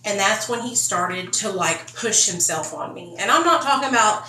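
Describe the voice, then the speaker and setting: Woman in her twenties, storytime vlogger, bright and brassy, swears a lot, acts out the dialogue; roomy, off-mic sound. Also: medium pitch, moderate pace, far from the mic, a little hiss or hum. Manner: animated, profane storytelling with quoted dialogue. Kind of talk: storytime vlog.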